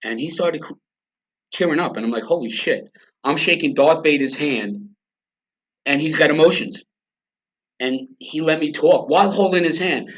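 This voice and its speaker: This man's voice sits on the high side and is fairly bright, moving at normal speed with long pauses. A New Yorker guesting on a podcast, he tells his story bluntly, emphatically and with profanity in an interview-style conversation, recorded in slightly dull lo-fi.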